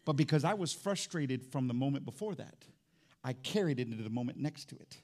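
Conversational pastor calling for amens. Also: male voice, medium pitch, expressive, a little fast, darkish tone. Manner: conversational storytelling, calls for amens. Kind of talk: sermon.

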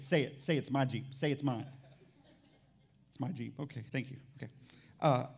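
A man preaching a sermon as pastor in a church, animated and jokey, swinging from loud excitement to quiet emphasis. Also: medium pitch, creaky. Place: church sanctuary.

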